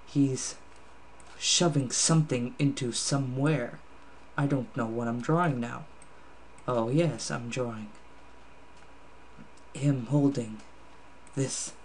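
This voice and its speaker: A man's voice: mid-range voice, a little mellow. A tired man casually commenting while playing an online drawing game, muttering guesses and swearing at himself. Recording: noisy home recording with ticking.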